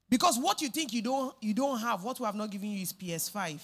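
A woman's voice: mid-range voice, animated, quick pace, husky. A woman preaching a sermon, stressing points by repeating phrases.

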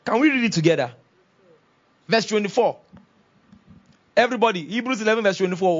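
A male pastor preaching a sermon, calling on the congregation to respond and rising to loud exclamations. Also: sits high, animated, a little fast, pauses often, muffled recording.

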